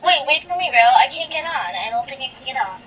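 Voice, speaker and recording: A young woman with a high, bright voice chats excitedly while playing a game, giggling and calling for her friend to wait. She sounds a little distant from the mic, with a faint hiss underneath. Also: fast. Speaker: gameplay host. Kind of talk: casual gaming chat.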